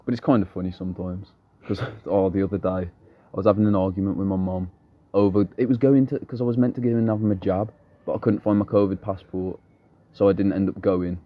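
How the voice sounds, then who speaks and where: A man's voice: low-pitched, steady tone, a little fast, narrow, tinny audio. A young man in casual chat, blunt, swearing freely and rambling through stories.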